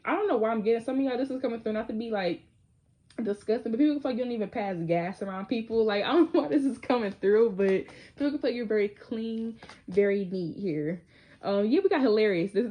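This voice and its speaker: A woman's voice: mid-range voice, warm tone. A woman in her twenties from Michigan giving a casual, chatty tarot reading with loose slangy talk. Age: 20s. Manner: chatty and loose, slangy, sings snatches of lyrics. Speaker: tarot reader.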